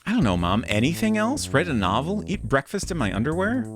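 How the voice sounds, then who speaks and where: A man voicing a furious, sulky teenage girl in a game, yelling sarcastic outbursts at her mother. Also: on the high side, huge pitch swings, fairly quick, over music, pitched above the performer's own voice. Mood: exasperated.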